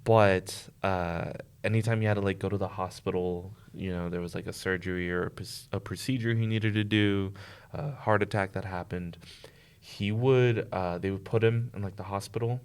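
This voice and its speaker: A young man co-hosting a podcast, chatting casually and telling animated stories with lots of fillers. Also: sits low, moderate pace, clear, resonant tone. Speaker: podcast co-host. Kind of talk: casual chat.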